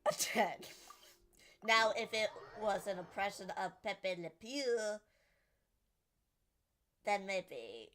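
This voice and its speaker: A woman's voice: medium pitch, animated, slow, pauses often, a bit bright, soft background music. A woman streamer chatting casually and giggling with her chat while playing a game. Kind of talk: casual gameplay commentary.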